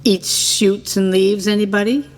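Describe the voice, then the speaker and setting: A woman's voice: medium pitch, steady tone, measured pace, in a large hall, a little hiss or hum. A woman reading a scripted comic monologue in a mock-earnest, playful way. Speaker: narrator of a mock book trailer.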